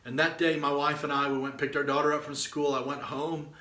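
A man's voice: fairly high pitch, flat delivery, fairly quick, pushed and bright, echoey room. A middle-aged man preaching and telling a testimony in a fervent, exhorting way, often stringing words together with repeated "and"s. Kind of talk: sermon storytelling.

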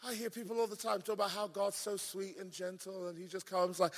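A man preaching a sermon, telling stories fervently and rising to shouts, in a large church hall. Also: high-pitched, expressive, moderate pace, slightly rough. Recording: long hall reverb.

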